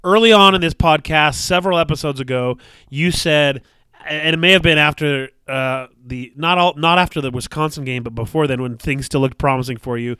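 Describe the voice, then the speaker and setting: A man's voice: fairly high pitch, a little fast, bright, forceful tone, clean tone, no echo. A man co-hosting a casual podcast, teasing his partner and telling stories from his youth. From Alaska. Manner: teasing, bantering. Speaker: podcast co-host.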